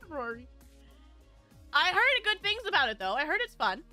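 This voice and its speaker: Giggly woman streamer, high bright voice, casual chat, faint music behind. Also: very animated, measured pace. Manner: giggly, laughs often. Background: faint background music.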